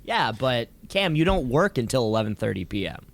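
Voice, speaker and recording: A man's voice: medium pitch, sing-song, fairly quick. Dry, teasing young man. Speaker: podcast co-host. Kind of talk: casual chat.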